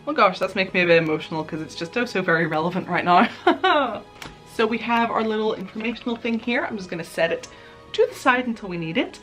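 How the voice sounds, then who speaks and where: A young woman vlogger chatting casually through an unboxing, excitable and gushing, with lots of fillers. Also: mid-range voice, quick pace, faint music behind.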